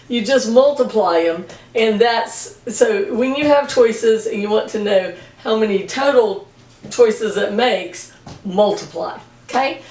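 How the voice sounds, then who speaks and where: A woman's voice: mid-range voice, darkish tone, distant mic. A woman math teacher giving a recorded video lesson, chatty and plain-spoken with jokey asides. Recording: echoey room, voice from off-mic.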